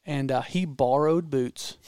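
A man with a Southern American accent telling stories in casual podcast chat, animated and rambling with frequent restarts. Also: medium pitch, slow, clear, resonant tone, no echo, studio quality. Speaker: podcast guest storyteller.

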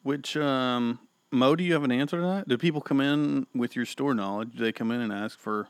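A man's voice: mid-range voice, brisk, clean tone, no echo. A man co-hosting a casual podcast, playful and full of questions. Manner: playful, asks questions, chuckles. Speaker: podcast co-host. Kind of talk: casual chat.

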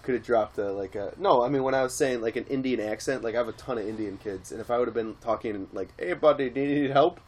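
A man's voice: lowish voice, fairly even intonation, fast, hardly any pauses, a little mellow. A man who works as a teacher, co-hosting a casual podcast and laughing often. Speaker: podcast co-host. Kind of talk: casual chat.

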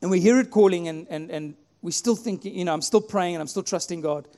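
A man from South Africa preaching a sermon in a church, telling a personal story and acting out his own prayers with animated delivery. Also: high-pitched, fast talker. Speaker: pastor. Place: church hall. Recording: long hall reverb, faint music.

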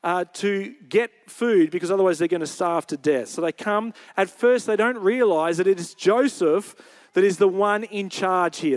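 A male pastor delivers a Sunday sermon, his voice sitting noticeably high. He tells the scripture story in plain, conversational words, as if walking his congregation through the scene. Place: church service.

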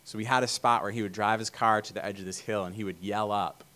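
A man from Vermont giving a casual sermon talk to a church meeting, telling stories in a relaxed way with many fillers. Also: fairly low pitch, quick pace. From Vermont, USA. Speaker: church speaker.

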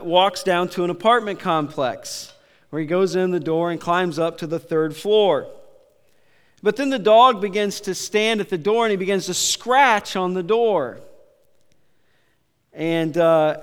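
A pastor preaching from the pulpit, telling a story in a casual, halting way with lots of restarts. His voice is smooth and resonant and sits a bit high for a man. The church sanctuary gives it a long, ringing reverb. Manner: casual, halting delivery with many fillers and restarts. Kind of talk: sermon.

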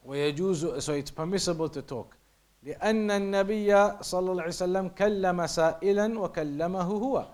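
In a slightly high voice with a darkish tone, this man teaches a lesson on Islamic law, reading texts aloud and explaining them in English. He goes over his points repeatedly, at times lowering to almost a whisper to show how a phrase is pronounced.

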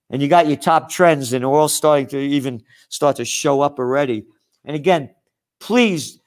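A man hosting a ranting news commentary, angry and sarcastic, mocking his targets with outraged asides. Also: high voice. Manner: mocking asides, blah blah dismissals. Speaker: host.

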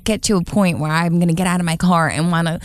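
A woman's voice: on the low side, steady tone, fast, no echo, studio quality. Emphatic woman podcast co-host. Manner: emphatic, reassuring reactions. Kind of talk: casual chat.

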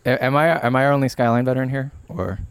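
A man's voice: mid-range voice, fairly even intonation, fast, smooth, no room sound. A man co-hosting a podcast in casual chat, rambling through a story. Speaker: podcast co-host.

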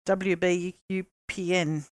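A woman's voice: fairly low pitch, level tone, slow pace, no echo. A woman co-hosting a podcast, chatting casually and explaining with lots of ums and restarts. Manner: chatty, explains with many fillers. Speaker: podcast co-host. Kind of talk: casual chat.

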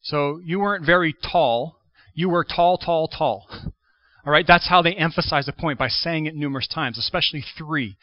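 A man preaching a sermon in a slightly high voice. He speaks in a conversational, thinking-aloud way, with restarts and asides. The sound is dry and a little dull. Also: a little fast, few pauses, no echo. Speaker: pastor. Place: church sanctuary.

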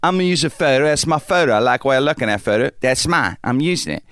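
A man's voice: medium pitch, expressive, fast, a bit bright, smooth, no echo, natural voice. A man voicing a stubborn, brash older woman who argues defiantly. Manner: blunt, defiant, indignant.

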